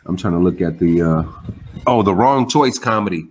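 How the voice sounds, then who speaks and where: A man in his forties, a comedian, tells stories over a remote call in a casual, swearing way. His pitch jumps sharply when he acts out what he said, then drops back to a relaxed middle register. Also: normal speed. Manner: animated, profane, jumps high for quoted lines. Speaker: comedian guest. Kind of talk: casual storytelling interview.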